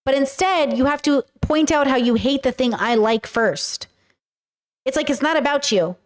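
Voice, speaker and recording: A woman chats on her livestream in a high voice that sits well above most. She rambles candidly, drops swear words freely and slips into little acted-out quotes as she talks. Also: moderate pace. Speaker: livestream host. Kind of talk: casual livestream chat. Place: home livestream.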